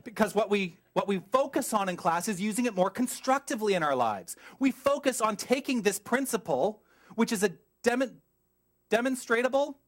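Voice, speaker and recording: A man's voice: high-pitched, brisk. Emphatic male minister preaching. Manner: animated, emphatic, asks the congregation questions, goes off on tangents. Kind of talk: sermon.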